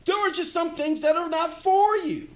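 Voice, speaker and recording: A middle-aged man streaming games, ranting and answering his chat in an animated way. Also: very high voice, moderate pace. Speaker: gaming streamer. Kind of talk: livestream commentary, answering chat.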